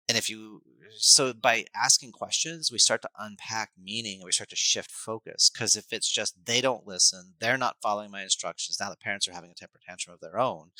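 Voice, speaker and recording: Bright, crisp low-voiced male coach. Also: dry recording, low-quality recording. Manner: animated, explanatory coaching talk. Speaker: life coach and hypnotherapist, guest. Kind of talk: podcast conversation.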